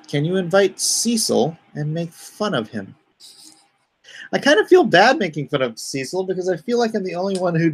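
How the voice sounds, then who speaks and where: A middle-aged man talks loosely through a live stream, with a gravelly, creaky edge to his voice. He rambles between topics and reads out his viewers' comments before replying to them. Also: medium pitch. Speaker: comic artist hosting a live stream. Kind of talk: casual live-stream chat.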